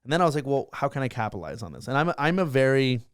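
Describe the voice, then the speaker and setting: Young guy talking super fast, excited, lots of "like", dry close sound. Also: medium pitch, no room sound. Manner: fast, excitable, full of fillers and restarts. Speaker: guest, social media creator. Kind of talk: casual interview storytelling.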